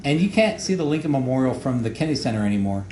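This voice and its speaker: A man who made the show gives casual audio commentary, rambling and halting with many fillers and repeated words. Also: medium pitch, sing-song, crowd noise. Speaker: show creator giving commentary. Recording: echoey room with faint noise.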